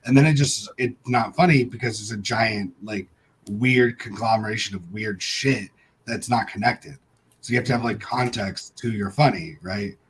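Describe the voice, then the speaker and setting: Husky guy, improv teacher, jokey and full of likes and ums. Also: lowish voice, normal speed. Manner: animated, filler-heavy, joking. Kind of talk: casual chat on a live show.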